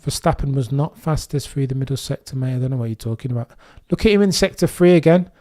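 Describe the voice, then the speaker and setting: A man from Birmingham, England, with a mild Birmingham accent, hosts a live watchalong stream and commentates excitably and chattily, talking straight to his viewers. His voice is medium-pitched and his pace quick.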